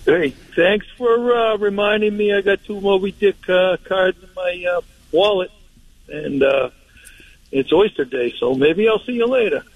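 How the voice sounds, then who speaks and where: A man calling in to a radio show, halting and chatty. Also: high-pitched, no echo. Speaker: caller. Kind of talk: casual phone call. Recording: tinny phone line.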